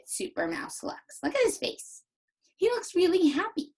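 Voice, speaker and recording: A young woman teacher giving a recorded reading lesson to young children, with exaggerated, animated demonstrations. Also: very high-pitched, a little slow, low-quality recording.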